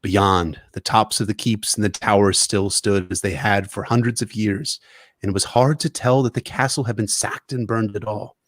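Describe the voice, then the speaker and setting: A man's voice: on the low side, steady tone, normal speed, no room sound. A man in his young adult years, co-hosting a podcast and reading a chapter synopsis with earnest, emotional delivery. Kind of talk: book synopsis reading and chat.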